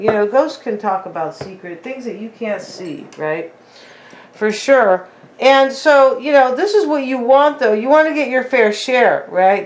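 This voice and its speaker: A woman's voice: medium pitch, rough recording. A woman giving a casual tarot reading in a rambling, chatty way with many fillers and asides. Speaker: tarot reader.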